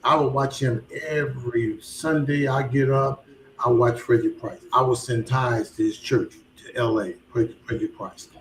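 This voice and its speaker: A man in a casual conversation, telling a personal story with lively energy and slipping into the voices of the people he quotes. His voice sits at an ordinary middle pitch. It carries a roomy echo, with a faint hum underneath. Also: normal speed. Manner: animated, acts out both sides of conversations.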